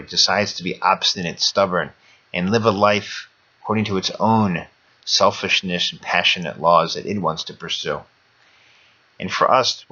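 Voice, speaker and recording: A man's voice: deep voice, pushed and bright, breathy edge, dull audio. A man giving a short holiday sermon, telling a parable and repeating phrases for emphasis. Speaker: religious speaker.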